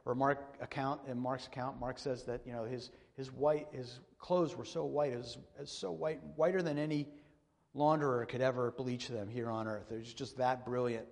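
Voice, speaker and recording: A man's voice: mid-range voice, fairly even intonation, vocal fry. Man preaching in a reverberant hall. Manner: earnest, measured, repeats and restarts phrases. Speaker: pastor. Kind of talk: sermon with scripture reading.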